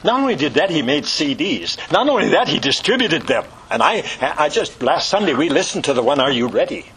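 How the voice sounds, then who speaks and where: A man's voice: fairly high pitch, sing-song, brisk, fairly bright tone, breathy edge, low-quality recording. A man preaching an earnest, fervent sermon that ends in prayer.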